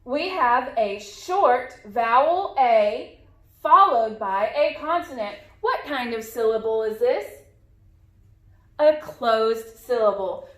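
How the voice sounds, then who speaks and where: Slow, patient phonics teacher, a woman. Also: fairly high pitch, a bit bright, echoey room. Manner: patient, drawn-out modeling of sounds and words. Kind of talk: slow phonics lesson for young children.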